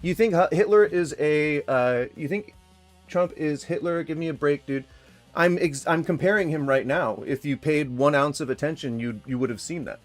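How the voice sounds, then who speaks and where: A man in his forties from Sacramento speaks straight to camera in a fierce, profane rebuttal, swinging between open anger and sarcastic mock-sympathy. His voice sits a little higher than most men's. Faint music plays behind him. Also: moderate pace. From Sacramento, California. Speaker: vlogger responding to a critic. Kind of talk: ranting direct-to-camera rebuttal.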